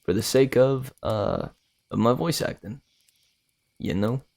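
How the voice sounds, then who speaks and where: Man, streamer, casual chat, laid-back slangy talk, frequent laughs, slow pace. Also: mid-range voice, vocal fry. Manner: relaxed, laughs often, slangy. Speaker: streamer and voice actor.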